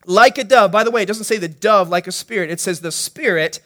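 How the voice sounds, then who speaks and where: Animated high-voiced male pastor. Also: fast. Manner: animated, playful preaching with jokes and acted-out quotes; asks the congregation questions. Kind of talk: sermon.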